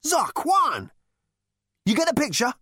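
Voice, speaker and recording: A man voicing a brash, excitable alien ex-president who yelps his lines high and loud. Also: slow pace, dry recording, clean studio sound, full character voice. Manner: loud, yelping, incredulous.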